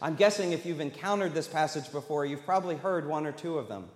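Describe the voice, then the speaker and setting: Conversational preacher in an echoey sanctuary. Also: male voice, fairly high pitch, animated, fast talker. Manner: conversational, asks the congregation questions. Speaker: pastor. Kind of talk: sermon. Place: church sanctuary. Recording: echoey hall, long reverb.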